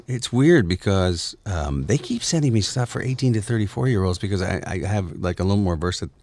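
Male voice actor, lowish voice, relaxed and wry in casual chat. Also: brisk. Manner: relaxed, wry, laughs easily.

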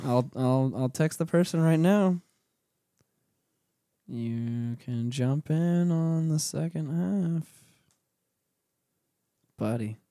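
A man's voice: mid-range voice, slow, long pauses, dark tone, clean tone, dry recording. A man hosting a podcast in casual, crude banter. He is frustrated and sarcastic, and he swears a lot while drinking scotch. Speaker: podcast host.

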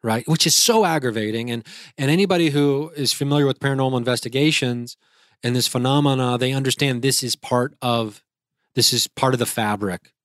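A man's voice: medium pitch, fairly bright tone, no room sound, studio quality. A young man, a guest, retelling a frightening experience in a vivid, casual way with restarts. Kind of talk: casual storytelling.

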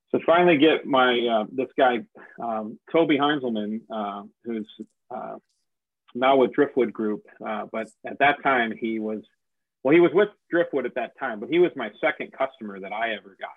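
A man's voice: medium pitch, moderate pace, dry recording. A man casually telling the story of his business as a franchise owner, rambling with many fillers and restarts. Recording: dry, tinny phone-like audio.

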